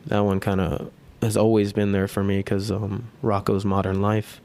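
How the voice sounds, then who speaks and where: A man's voice: lowish voice, monotone, normal speed, darkish tone. Crude, self-mocking male podcast host. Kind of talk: casual solo podcast monologue.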